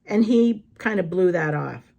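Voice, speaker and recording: A woman's voice: on the low side, expressive, measured pace, gravelly, warm tone. A woman vlogger telling candid, blunt stories in a casual chat while she does crafts.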